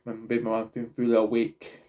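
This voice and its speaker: A man's voice: medium pitch, completely flat delivery, narrow, tinny audio. A young man talking casually to camera in his own vlog, rambling, often stopping and restarting his words. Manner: halting, repeats and restarts words. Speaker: vlogger.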